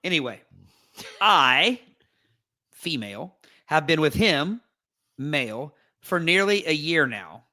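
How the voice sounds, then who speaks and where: A man's voice: a little high, big pitch swings, takes it slowly, pauses often, sharp tone, no echo, clean studio sound. A man co-hosting a live podcast in a casual, joking chat, reading a forum post aloud with playful asides. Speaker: podcast co-host.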